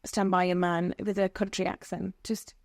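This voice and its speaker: A woman's voice: lowish voice, flat delivery, moderate pace, a little mellow, no room sound. A British woman singer, a guest on a podcast, chatting casually and rambling, laughing often. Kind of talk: casual interview chat. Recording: dry podcast studio.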